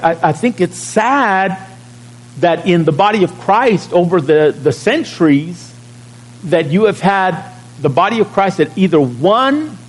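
A man preaching at a measured, unhurried pace, his voice sitting a little high. He speaks plainly, like a pastor in conversation with his flock, drawing out key words and checking in with the congregation. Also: low-quality recording. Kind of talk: sermon.

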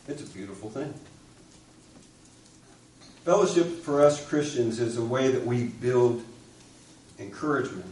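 A man preaching a sermon in a mid-pitched voice, with a storyteller's habit of putting questions to his listeners. His voice carries from a distance through a roomy, echoing hall. A faint hum of ambience sits behind him. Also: a little mellow. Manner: storytelling, asks the congregation questions. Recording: echoey room, distant mic.

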